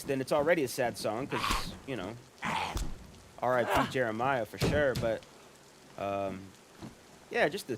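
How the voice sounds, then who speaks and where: A man live-streams a game and rambles along in relaxed, profane chat. His voice sits at an ordinary middle pitch, with a faint hiss underneath. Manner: rambling, swearing, laughing.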